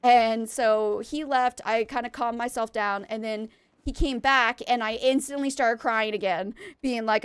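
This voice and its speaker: A young woman streamer chats candidly with her viewers while she plays, venting with emotion and often restarting her sentences. Her voice sits a little high. The recording is dry and close, with no room echo. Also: normal speed, clean tone. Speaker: game streamer. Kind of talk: casual chat with viewers while gaming.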